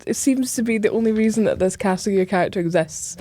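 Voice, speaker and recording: A woman's voice: mid-range voice, quick pace, dark tone, no echo. A young Scottish woman co-hosting a podcast, laid-back and chatty as she chimes in. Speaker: podcast co-host. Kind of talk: casual film review chat.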